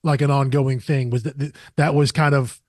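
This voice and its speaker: A man's voice: medium pitch, steady tone, normal speed, a little mellow, no room sound, studio quality. Hesitant man hosting a podcast. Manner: hesitant, repeats words while forming questions. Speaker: podcast co-host. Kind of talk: casual interview chat.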